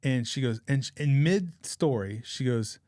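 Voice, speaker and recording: Man in his forties, mid-pitched voice, rambling casual storyteller, dry close sound. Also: expressive, a little slow, mellow, dry recording. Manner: rambling, chatty anecdote-telling with frequent laughs. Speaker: podcast guest.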